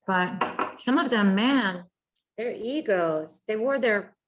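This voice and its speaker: A woman host who is also a veteran, speaking in relaxed conversation. Her mid-pitched voice turns emphatic and animated as she makes her points. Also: slow pace. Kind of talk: casual conversation.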